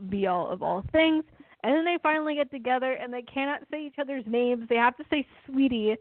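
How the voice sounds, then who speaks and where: A woman's voice: fairly high pitch, no echo. Opinionated woman over a phone-like line. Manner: opinionated and emphatic, lays out arguments point by point. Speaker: podcast host. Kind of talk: casual chat. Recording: tinny phone-like line, dry.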